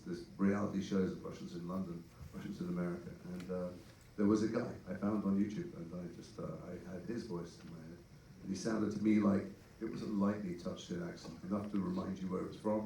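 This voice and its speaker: A man speaks quickly and thoughtfully from a panel stage, explaining his craft to an audience. His voice sits a little low. The sound is echoey and distant, picked up in a large event hall. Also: gravelly, warm tone, slight background noise. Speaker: voice actor on a film panel. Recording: echoey hall, mic heard from afar.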